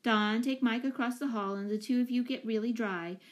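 A woman reading aloud, voicing a kind, practical mother who speaks warmly and matter-of-factly. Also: fairly high pitch, normal speed, lightly acted. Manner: warm, firm and matter-of-fact.

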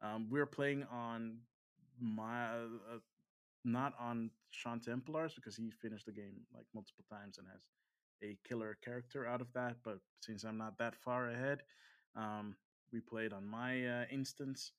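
A man co-hosts a casual gaming podcast, his voice sitting at an ordinary middle pitch. He rambles along, trailing into ums and restarting his sentences. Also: fairly even intonation, unhurried. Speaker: podcast co-host.

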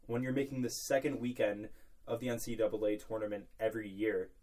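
A man's voice: on the low side, level tone, a little fast, darkish tone. A young man co-hosting a college podcast, telling rambling, joking stories before turning to sports. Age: young adult. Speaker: podcast co-host. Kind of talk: casual college sports chat.

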